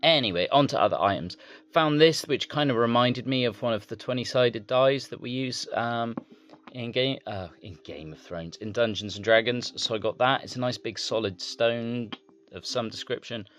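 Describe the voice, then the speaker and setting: A man's voice: mid-range voice, normal speed, fairly bright tone. Easygoing guy rambling through a haul. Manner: rambling, easygoing show-and-tell. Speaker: toy collector vlogger. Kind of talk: casual haul vlog.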